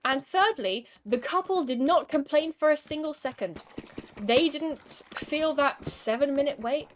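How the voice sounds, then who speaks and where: A woman's voice: sits high, a little slow, slight background noise. A young woman streaming a game, chatting casually and telling an exasperated, wry story between moves. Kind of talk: casual gaming commentary with storytelling.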